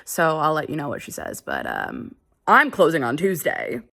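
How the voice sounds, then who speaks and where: Bright-voiced woman venting to camera. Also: low-pitched, moderate pace, vocal fry. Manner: animated, exasperated storytelling. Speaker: vlogger. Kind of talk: casual talking-to-camera vlog.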